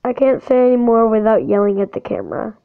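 A woman's voice: fairly high pitch, sing-song, quick pace, creaky, smooth. A woman filming a heated, defiant rant to camera for her channel, speaking with hard emphasis. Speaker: channel owner. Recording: dull lo-fi audio.

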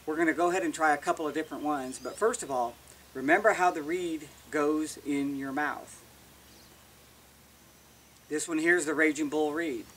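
A man's voice: fairly high pitch, normal speed, pauses often, fairly bright tone, far from the mic, a little hiss or hum. A man giving a casual, plain-spoken how-to demonstration as an elk-calling instructor, often restarting words.

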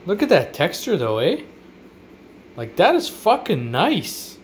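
A man's voice: high-pitched, huge pitch swings, takes it slowly. A man, casually reviewing food in a vlog with crude, profane, rowdy banter. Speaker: vlogger. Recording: faint background noise.

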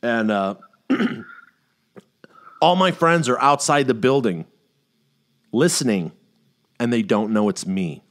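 A man's voice: mid-range voice, takes it slowly, long pauses. A middle-aged man hosting a casual chat, telling a long story with lots of swearing and acting out other people's lines. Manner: animated storyteller who swears freely and acts out quotes. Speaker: podcast host.

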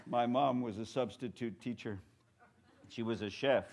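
A man preaching a sermon as a pastor, telling stories with humor and building to loud, shouted points. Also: mid-range voice, moderate pace. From Portland, United States. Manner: storytelling, humorous, rising to shouts.

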